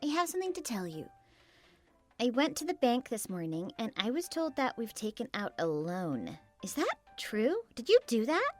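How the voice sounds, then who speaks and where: A computer-generated woman's voice, worried and pleading. It sits fairly high with animated pitch, over faint background music. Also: normal speed. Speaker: wife and story narrator. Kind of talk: text-to-speech story voice.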